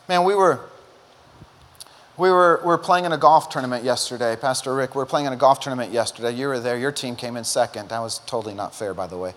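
A man's voice: medium pitch, fast talker. A middle-aged male pastor preaching a sermon, telling stories animatedly and acting out quotes. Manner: animated storytelling, acts out quotes. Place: church auditorium. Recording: long hall reverb.

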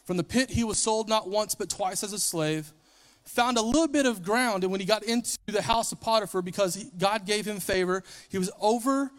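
A man with a high-sitting voice preaches a sermon, retelling a story in a relaxed, conversational way. Now and then he briefly acts out the characters.

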